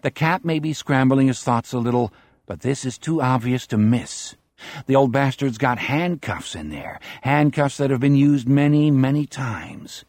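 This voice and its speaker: A man reading an audiobook in a measured, dramatic narrating style. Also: medium pitch, a little mellow, no echo.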